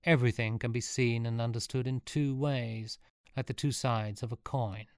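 A man's voice: medium pitch, steady tone, moderate pace, clean tone, no echo, close to an everyday voice. A smug, sneering older boy, voiced by a man reading a story, condescending in every word. The storybook voice is slightly raised and sounds close and dry. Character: tall, superior, sneering boy.

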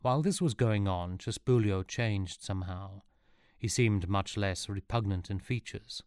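A man's voice: on the low side, a little slow, darkish tone, smooth, dry recording. A man narrating a comic fantasy story in a dry, wry manner. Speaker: audiobook narrator.

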